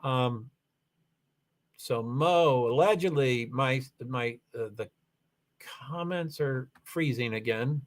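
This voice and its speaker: A man hosting a casual livestream, rambling through viewer comments and software settings with many restarts. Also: medium pitch, slow pace. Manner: rambling, repeats "allegedly", frequent restarts. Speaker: livestream host.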